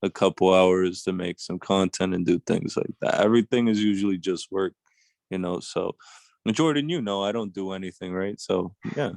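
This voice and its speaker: Brief: sleep-deprived male co-host, lowish voice, dry close sound, easygoing and a bit profane. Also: moderate pace, creaky, darkish tone, dry recording. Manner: loose and laid-back, swears casually. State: short on sleep. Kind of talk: casual video-call chat.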